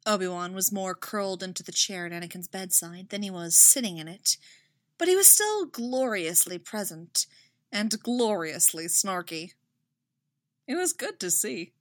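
A woman narrating a fan fiction story aloud with expressive delivery. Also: lowish voice, normal speed, no room sound, studio quality.

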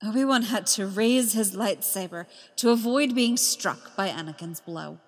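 A woman reading a story aloud, slow and soft-spoken, letting her phrases fall quiet at the ends. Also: medium pitch, long reverb tail. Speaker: fan fiction reader. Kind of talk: storytelling narration.

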